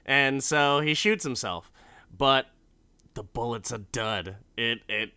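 Man for a casual film recap: slow, rambling, bright and clear. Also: mid-range voice, no room sound. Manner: rambling, profane, full of restarts.

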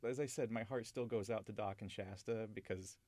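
A man's voice: lowish voice, fairly even intonation, fairly quick, a little mellow, no room sound. A man hosting a podcast, talking through a film he loves in a rambling, enthusiastic way with many restarts. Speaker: podcast host. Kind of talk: casual film discussion.

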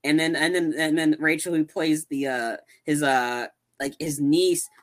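A man co-hosting a podcast, giving a casual, rambling, animated retelling of a movie with many restarts. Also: fairly high pitch, measured pace. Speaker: podcast co-host. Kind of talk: casual movie recap chat.

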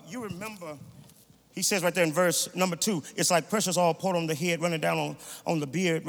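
A man preaching a sermon as guest preacher in a large church, his rhythmic delivery swelling into shouted, sung cadences. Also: on the high side, creaky. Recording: echoey hall, faint room ambience.

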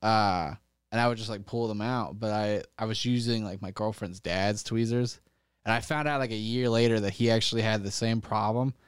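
Young guy for loose podcast chat: smooth clear voice, dry close sound, profane and rambling. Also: fairly low pitch, steady tone, moderate pace, no echo. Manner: rambling, profane, heavy with "like" fillers, laughs often. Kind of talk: casual chat.

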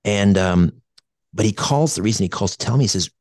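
A middle-aged man from Canada with a deep, low voice recounts a personal memory at length. He hesitates, restarts and fills pauses as he thinks back. The sound is dry and close, with no room echo. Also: darkish tone. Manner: hesitant and reflective, many fillers and restarts. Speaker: radio show co-host. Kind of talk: personal storytelling.

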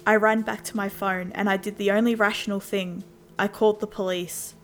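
A woman narrating a first-person horror story in a steady storytelling voice. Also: mid-range voice, fairly quick, soft background music. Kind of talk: scripted scary story narration.

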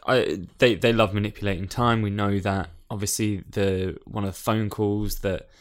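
A man's voice: lowish voice, fairly even intonation, moderate pace. A man co-hosting a podcast, thinking aloud about a show in a thoughtful, chatty way. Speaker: podcast co-host. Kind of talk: casual chat.

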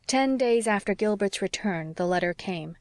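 A woman narrating an audiobook in a steady, unhurried reading voice. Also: medium pitch, no echo, studio quality. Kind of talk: scripted narration.

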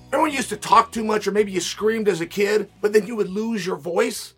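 A man hosting a solo sports podcast while hoarse and losing his voice, talking in a chatty, emphatic, rambling way with a lozenge in his mouth. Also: high voice, steady tone, moderate pace, a bit bright, faint music behind. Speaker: podcast host.

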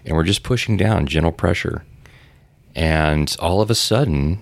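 A man with an extremely deep voice and a gravelly edge talks in a relaxed podcast chat. He rambles through his story with plenty of fillers and restarts. The sound is dry and close, with no room around it. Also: normal speed, no room sound. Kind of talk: casual podcast conversation.

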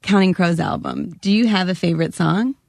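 Give me an enthusiastic woman with a gravelly voice. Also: lowish voice, brisk, a little mellow, no echo, clean studio sound. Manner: enthusiastic, frequent affirming interjections. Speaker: guest host. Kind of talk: casual interview chat.

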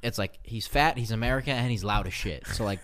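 Male podcast co-host, lower voice, animated storyteller, curses a lot. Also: quick pace. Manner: animated, profane, rambling anecdotes.

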